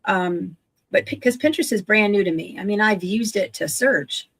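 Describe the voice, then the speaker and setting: A woman's voice: medium pitch, normal speed, a bit bright, breathy edge. A woman in her sixties chatting on a video call about her online business, talking enthusiastically and often restarting her sentences. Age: 60s. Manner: chatty, self-correcting, enthusiastic. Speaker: guest, online business owner. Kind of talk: casual livestream chat.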